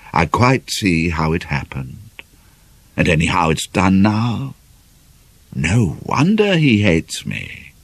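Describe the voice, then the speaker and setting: Self-assured country doctor, read by a man: low husky voice, soothing and dismissive, lively lilt. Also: no echo, full character voice.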